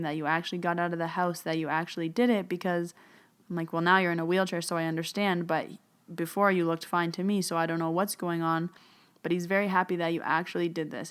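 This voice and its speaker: Woman host, lower voice, spins a personal story in a chatty, repetitive flow. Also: smooth. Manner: chatty, retells dialogue, repeats phrases. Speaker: podcast host, medium.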